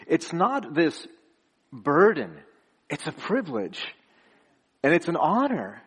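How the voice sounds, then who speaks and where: A man's voice: fairly high pitch, huge pitch swings, slow pace, long pauses, a bit bright, slightly rough. A young man preaching a conversational sermon as pastor, earnest and storytelling, chuckling between phrases.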